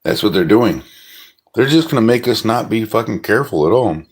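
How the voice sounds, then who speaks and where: Middle-aged man, profane livestream rant, scoffing, lively pitch. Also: a little fast, slightly rough. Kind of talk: ranting monologue.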